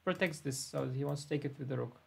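A man's voice: mid-range voice, quick pace, vocal fry, breathy edge. A laid-back man thinking aloud as he plays an online chess simul on a live stream. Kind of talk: live-stream commentary while playing.

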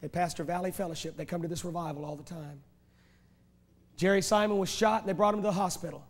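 A man with a high, fairly evenly intoned voice talks fast while preaching a revival sermon in a large church sanctuary. He hammers his points with rhetorical questions and repeated phrases, and the audio is an echoey church hall captured on VHS tape.

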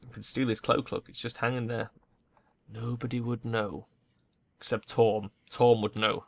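Sarcastic gamer. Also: male voice, medium pitch, little pitch movement, normal speed, vocal fry. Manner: sarcastic, mischievous, swears freely. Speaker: gamer playing through an RPG. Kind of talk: gaming commentary.

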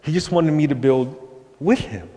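A young man, a pastor, giving an animated sermon in a church and acting out the voices he quotes. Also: a little high, normal speed. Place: church sanctuary. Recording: long church hall reverb.

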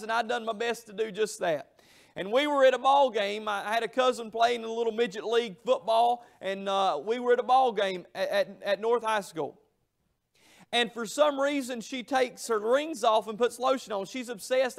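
A middle-aged man, preaching a revival sermon in a church, telling a story with emphatic, drawn-out phrases. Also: very high voice, gravelly, fairly bright tone. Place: church sanctuary.

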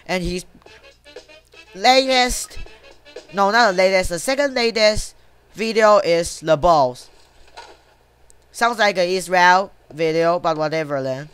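A woman commenting casually on her gameplay, cursing and griping at every missed chance. She speaks slowly in a smooth, clear voice. The sound is dry and close. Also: medium pitch, animated, no room sound. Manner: swears often, grumbles at the game; talks to self and viewers between plays. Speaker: gamer.

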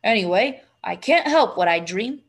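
A woman's voice: mid-range voice, lively intonation, moderate pace. A woman voicing a gloomy, weary man who sighs and grumbles, half asleep. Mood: weary grumbling. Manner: sighing, grumbling delivery.

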